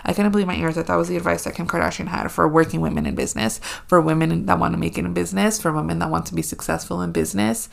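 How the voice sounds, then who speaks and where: A young woman hosting a casual solo podcast, sarcastic and animated, swearing freely as she rants. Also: lowish voice, rapid-fire, vocal fry, hardly any pauses. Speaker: podcast host.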